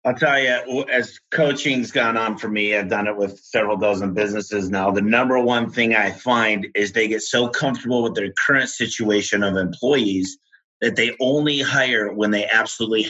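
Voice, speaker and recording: Bright, forceful male host on lo-fi audio. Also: fairly low pitch, moderate pace. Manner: direct, practical, plain-spoken. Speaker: host, business coach. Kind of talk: interview chat.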